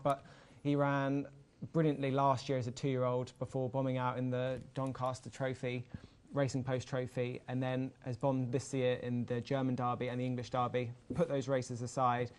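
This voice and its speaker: A man giving horse racing selections in a measured, matter-of-fact way. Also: mid-range voice, darkish tone. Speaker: racing tipster. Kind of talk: casual tipping chat.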